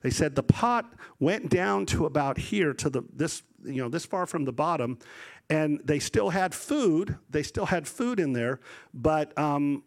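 Speaking a little slowly in a fairly high voice, a middle-aged man gives a lively sermon, acting out voices in his stories and rising to loud emphasis.

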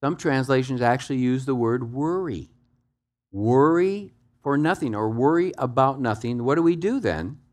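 A man's voice: animated, normal speed. Male pastor, mid-range voice, emphatic sermon delivery with big swings in volume, guides the congregation through the text. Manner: emphatic, swings between soft low asides and loud raised exhortation.

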